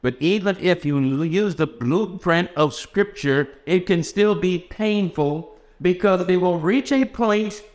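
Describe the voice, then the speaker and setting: A man preaching a sermon in a measured, plainspoken way. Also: sits high.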